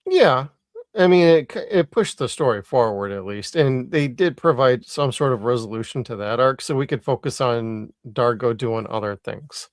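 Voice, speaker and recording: A man's voice: mid-range voice, lively intonation, normal speed, no room sound, clean studio sound. A tired man co-hosting a podcast, chatting enthusiastically and swearing casually. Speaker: podcast co-host. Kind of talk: casual chat.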